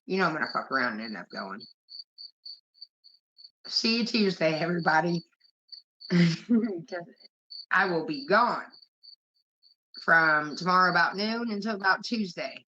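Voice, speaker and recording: A woman's voice: fairly low pitch, expressive, measured pace, pauses often, sharp tone. A woman hosting a livestream, venting casually to her chat in a blunt, heavily profane way. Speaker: livestream host. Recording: dull lo-fi stream audio.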